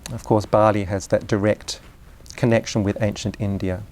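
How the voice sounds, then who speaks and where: Man giving a relaxed, chatty lecture. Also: fairly low pitch. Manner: conversational, unhurried, with asides and questions to the audience. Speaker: lecturer on Waldorf education. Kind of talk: live lecture to an audience. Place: live lecture venue.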